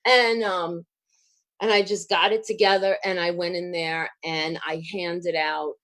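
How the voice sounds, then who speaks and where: A middle-aged woman, a guest telling a story in an interview, rambling with fillers and restarts and laughing as she gets excited. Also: on the low side, unhurried. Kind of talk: casual storytelling.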